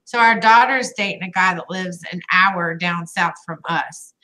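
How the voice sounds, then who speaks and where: A woman guest chatting casually on a live stream, relaxed. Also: on the low side, normal speed. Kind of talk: casual chat.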